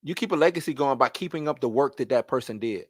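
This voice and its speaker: A man hosting his own live stream, ranting in an animated, slangy way. He repeats himself often and talks at a mid pitch. The sound is dry and close, with almost no room echo. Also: fast talker. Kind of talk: casual live-stream rant.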